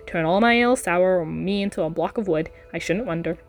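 A woman's voice: lowish voice, soft background music, natural voice. A woman doing a bumbling chatty innkeeper. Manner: rambling, apologetic, slow to the point. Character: bumbling chatty middle-aged male innkeeper.

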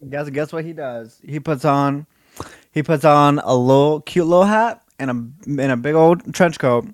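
A man walking his friends through a movie's plot with teasing questions. His voice is a touch high and sounds dry and close to the mic. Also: a little slow, no echo. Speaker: podcast co-host. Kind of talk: casual chat recapping a movie.

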